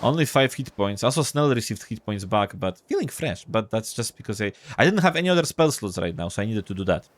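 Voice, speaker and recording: Reading game text and thinking aloud casually, a gameplay streamer plays a role-playing game in let's-play style. He speaks a little fast in a fairly low, sing-song voice with few pauses and no room sound.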